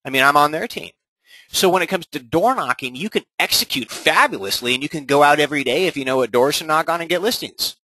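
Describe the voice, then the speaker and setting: A man coaching other real estate agents in a recorded sales webinar, punchy and energetic, who keeps checking in with "right?". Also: fairly high pitch, fast, dry recording, poor audio.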